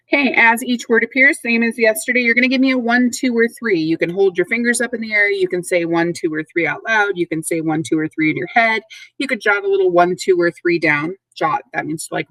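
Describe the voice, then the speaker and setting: A woman teaching a recorded vocabulary lesson to third graders, speaking slowly and clearly, with call-and-response prompts. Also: medium pitch, a bit bright, no room sound, low-quality recording.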